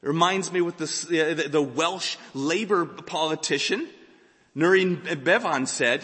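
A man preaching a sermon, emphatic and animated, acting out dramatic quotes. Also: fairly high pitch, a little slow, long reverb tail.

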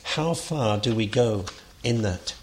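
A man's voice: fairly low pitch, lively intonation, takes it slowly, a little mellow, a little hiss or hum. A man giving an unscripted lecture on Bible translation, thoughtful, with frequent fillers and restarts.

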